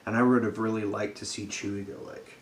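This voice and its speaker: A man's voice: lowish voice, flat delivery, brisk, slight background noise. A man giving a sarcastic, profane comedic rant about a film, acting out characters' lines as he goes. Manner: sarcastic, swears a lot, acts out characters' lines.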